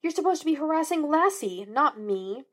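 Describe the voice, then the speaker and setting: A restless young man of a detective, as a woman reader puts him on, quipping and protesting, his voice jumping up high and loud in bursts. The talk is fast and playful. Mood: wisecracking. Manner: excitable, wisecracking, jumps up in pitch. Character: restless joking young male private detective.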